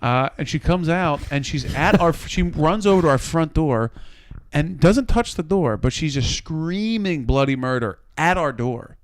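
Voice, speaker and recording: A man's voice: fairly high pitch, expressive, unhurried, no room sound. A man co-hosting a podcast, telling a story casually and acting out quotes, with some swearing. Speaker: podcast co-host.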